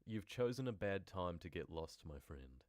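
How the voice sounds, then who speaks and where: A man's voice: deep voice, sing-song, dry recording, clean studio sound. A man putting on an unhinged creepy stalker. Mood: menacing. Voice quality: croaking, drawn-out.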